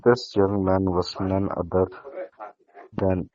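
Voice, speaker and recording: A man, a student reading a lesson aloud haltingly, with small slips and restarts. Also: deep voice, flat delivery, dull audio, music in the background.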